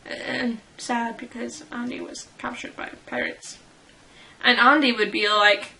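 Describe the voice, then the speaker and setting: A woman's voice: on the high side, unhurried, gravelly, bright, forceful tone, low-quality recording. A young woman vlogging casually as a fan, rambling and giggling at herself. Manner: giggly, rambling, self-deprecating. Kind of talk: casual chat.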